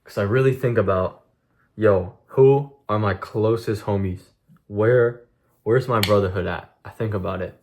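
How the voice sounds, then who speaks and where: In a casual vlog talk to his chat, a young man delivers a blunt, expletive-laden rant about discipline and giving things up. His voice is on the low side, unhurried and a little mellow.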